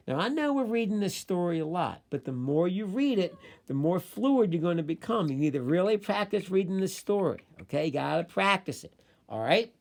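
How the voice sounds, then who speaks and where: A man's voice: high-pitched, sing-song, brisk, vocal fry, a little mellow. A male teacher giving an online phonics lesson, reading a short story and prompting students with encouraging, repetitive drills. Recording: voice distant from the mic.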